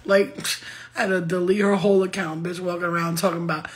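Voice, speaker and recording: A woman's voice: on the low side, flat delivery, fast. A middle-aged woman rambling casually and laughing often, full of slang, in a vlog monologue. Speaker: vlogger.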